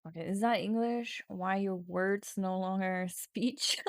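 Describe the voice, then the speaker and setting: A playful woman streamer reads a text adventure aloud at an unhurried pace. She is giggly and often breaks into loud mock shouting. Her voice is close and dry at a desk mic, with no room sound. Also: mid-range voice, fairly even intonation, dry recording. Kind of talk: casual livestream, reading a text adventure aloud.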